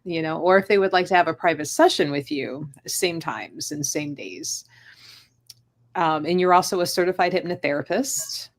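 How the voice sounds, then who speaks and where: A woman's voice: deep voice, normal speed. A woman hosting a casual livestream chat, joking with self-mocking sarcasm. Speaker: host.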